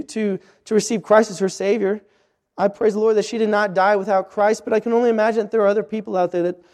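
A missionary preacher delivers a sermon with earnest urgency, his high-pitched, warm voice pleading with the listener as he repeats himself and restarts phrases. A long hall reverb trails behind him.

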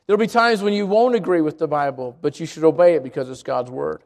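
A young man preaching a sermon, telling stories with lively acted-out asides to his congregation. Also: high-pitched, fast, hardly any pauses. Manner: animated storytelling with acted-out asides.

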